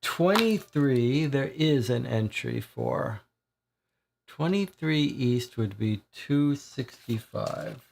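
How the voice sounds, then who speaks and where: A board game player reading a detective case aloud, thinking aloud slowly and deliberately. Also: medium pitch, lively intonation, gravelly, darkish tone.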